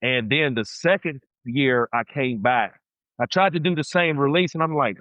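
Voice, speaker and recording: A man guest on a podcast, telling football stories in a lively, rambling way with many "you know"s. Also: mid-range voice, normal speed, dry recording, lo-fi sound. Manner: storytelling, animated, frequent restarts and "you know". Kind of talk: casual chat.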